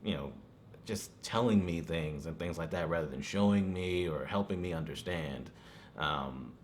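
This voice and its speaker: A man talks through a movie review in a loose, rambling way, dropping "you know" and small chuckles as he goes. His voice is very low. A faint hiss runs underneath. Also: moderate pace. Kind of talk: casual spoken review.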